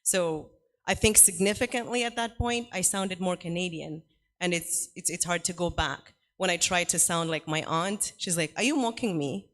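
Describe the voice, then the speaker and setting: A woman writer talks on a literary festival panel in a low-pitched voice. She speaks candidly, laughs easily and drops in the odd filler. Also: fairly even intonation, moderate pace, fairly bright tone. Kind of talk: panel discussion talk. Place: festival hall.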